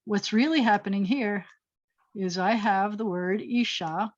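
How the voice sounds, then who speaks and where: Woman rabbi at mid pitch, teaching Hebrew over a muffled video call, chatty and self-correcting as she writes. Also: unhurried. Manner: thinks aloud while writing, self-correcting, chatty asides. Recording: slightly dull video call audio.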